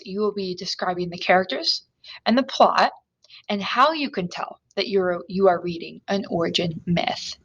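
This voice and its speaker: A woman's voice: medium pitch, fairly bright tone, low-quality recording. A woman teacher explaining a reading lesson to students online, reading text aloud and talking it through with restarts.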